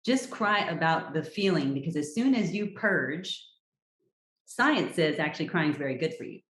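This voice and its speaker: A woman appearing as a health coach guest, speaking emphatically and directly as she gives advice. Her voice sits on the low side for a woman. The recording has a roomy echo around it. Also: lively intonation, normal speed, a bit bright. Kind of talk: casual chat, giving advice.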